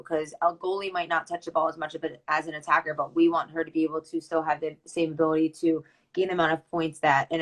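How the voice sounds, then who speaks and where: Upbeat chatty young woman, lowish voice. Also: a bit bright, poor audio. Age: 20s. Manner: chatty, lots of ums and restarts, upbeat. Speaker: lacrosse player and college coach. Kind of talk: casual chat.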